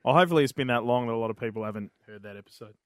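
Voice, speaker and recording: A man's voice: medium pitch, rapid-fire, no room sound. A man with an Australian accent hosting a casual gaming podcast in a studio, laid-back and jokey. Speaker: podcast host.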